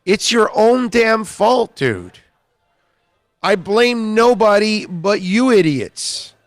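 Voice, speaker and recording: A man's voice: sits high, lively intonation, slow, no echo, soft background music. A man hosting a sports talk radio show, bluntly scolding listeners with repeated rhetorical questions.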